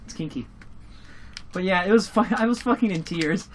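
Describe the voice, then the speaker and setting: A young adult casually telling a story and commentating a game with friends. This person laughs often, swears freely and gets excitable. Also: medium pitch, normal speed, slight background noise. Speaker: let's-play commentator. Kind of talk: casual gaming chat and storytelling.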